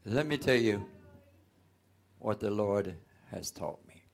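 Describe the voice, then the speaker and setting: A man preaching a sermon, often rising into loud outbursts. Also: on the low side, expressive, slow pace, vocal fry. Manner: folksy, call-and-response preaching with sudden loud outbursts.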